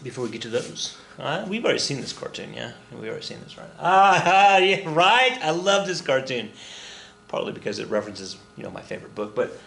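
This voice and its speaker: A man's voice: mid-range voice, very animated, fast talker, gravelly, a bit bright. Chatty male history teacher, jokey asides. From Oklahoma. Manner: chatty, joking asides, many fillers and restarts. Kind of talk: casual recorded lecture.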